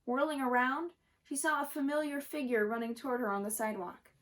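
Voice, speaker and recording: A woman's voice: high-pitched, fairly even intonation, a little fast, low-quality recording. Woman reading a children's story aloud. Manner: gentle, occasional slips and self-corrections.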